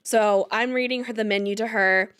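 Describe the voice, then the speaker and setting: A woman's voice: mid-range voice, moderate pace, clear, resonant tone, dry recording, clean studio sound. A young woman streamer telling a rambling story in casual chat, full of "like" fillers. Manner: rambling, animated, lots of "like" fillers, laughs while telling. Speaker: game streamer.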